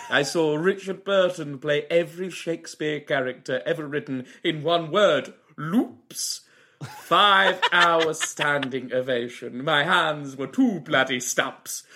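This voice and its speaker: A man's voice: on the high side, a bit bright. A man playing a pompous theatre critic. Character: pompous old male theatre critic and murderer. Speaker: comedy podcast co-host.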